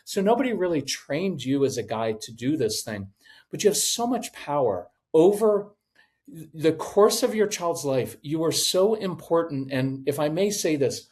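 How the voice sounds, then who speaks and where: A middle-aged man with a fairly high voice for a man, talking to parents in a direct, coaching way. He is animated as a podcast guest and slips into quick voices for the people he describes. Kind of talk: podcast interview.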